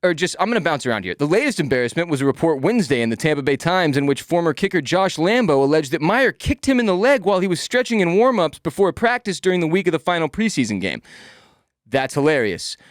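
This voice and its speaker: A man's voice: fairly high pitch, big pitch swings, fast, no echo, clean studio sound. A man hosting a sports podcast, ranting in a profane, exasperated way. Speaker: podcast host. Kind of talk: casual sports podcast rant.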